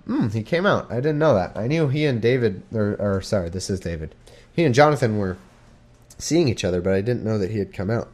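A man's voice: lowish voice, lively intonation, a little fast, a little mellow. A man reading scripture aloud and joking about it in a casual, irreverent way, laughing at his own remarks. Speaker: scripture reader and commentator.

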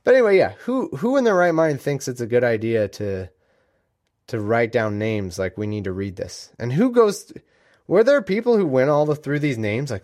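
A man talks loosely at home as the host of his own podcast. He rambles and jokes, breaking off mid-sentence to restart. His voice sits at an ordinary middle pitch. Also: very animated, moderate pace, darkish tone. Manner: rambling, joking, self-interrupting. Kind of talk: casual livestream chat. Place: home room.

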